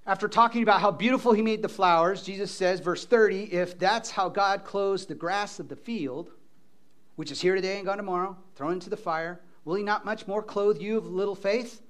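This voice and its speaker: Guy preaching a sermon, kinda high voice, lively, gets the crowd to say stuff back. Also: fairly quick. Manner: animated, calls for congregation responses. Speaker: pastor.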